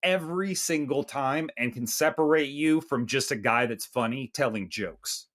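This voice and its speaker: A man co-hosting a movie review podcast in casual chat, swearing freely and tossing in quick asides. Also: medium pitch, fairly bright tone. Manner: profane, chatty, quick asides.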